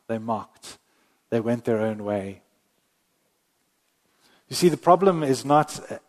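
Male pastor, mid pitch, earnest preaching with weighty pauses, long hall reverb. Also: a little mellow. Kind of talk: sermon.

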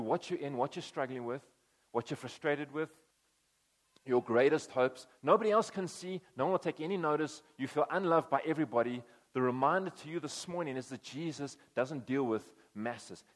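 A man gives a relaxed, conversational sermon. He slips into quick put-on voices to act out the people in his story. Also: medium pitch, big-room sound. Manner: conversational, acts out quoted voices. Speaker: pastor.

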